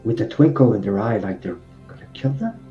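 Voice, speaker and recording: A man's voice: lowish voice, expressive, a little fast, faint music behind. A man playing a tabletop game, teasing the others. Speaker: player. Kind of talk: casual game chat. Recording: echoey, muffled mic.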